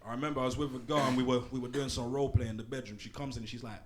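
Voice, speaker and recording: A man, performing a brash, profane, animated stand-up set in a small venue. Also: mid-range voice, racing, few pauses. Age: late 20s. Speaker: stand-up comedian. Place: small comedy pub venue, live audience. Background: audience laughter.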